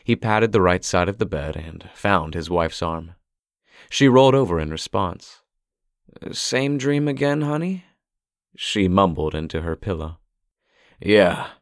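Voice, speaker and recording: A man reading audiobook narration in a measured, steady way. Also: sits low, no echo, clean studio sound.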